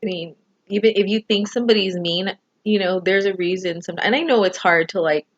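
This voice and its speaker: Talking to camera about family and people, a woman vlogger rambles emotionally, packing her speech with fillers like "you know." Her mid-range voice is brisk, and the recording sounds muffled.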